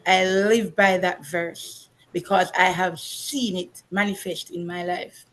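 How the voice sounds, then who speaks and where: A woman's voice: on the low side, fairly even intonation, slow pace. A woman from Jamaica with a Jamaican accent, a teacher speaking earnestly as a guest in a casual interview.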